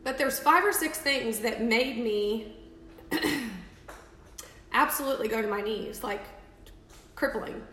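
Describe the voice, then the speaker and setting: A bright, forceful woman, talking casually on a live video. She rambles with restarts and emphatic asides, slightly high-pitched. The room is echoey, with a faint hiss behind her. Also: slow pace, pauses often. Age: 30s. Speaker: makeup seller on a live video. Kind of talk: casual live-stream talk.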